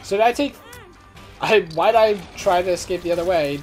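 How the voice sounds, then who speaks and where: A man's voice: high voice, brisk, faint music behind. A man in his twenties giving casual gameplay commentary, rambling and joking at his own expense. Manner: rambling, joking, self-mocking. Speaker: let's play host.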